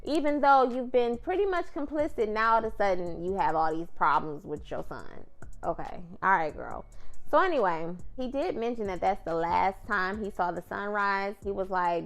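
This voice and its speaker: Gravelly-voiced woman chatting a TV recap. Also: medium pitch, normal speed, faint music behind. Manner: chatty and slangy, keeps calling the viewer "girl". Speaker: TV recap vlogger. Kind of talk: casual TV episode recap.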